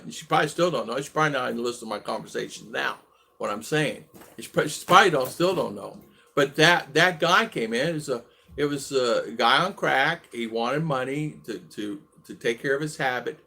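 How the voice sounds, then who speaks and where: A man's voice: medium pitch, gravelly, pushed and bright. A man in his sixties casually telling a personal story on his vlog, rambling and restarting his sentences. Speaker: vlog host.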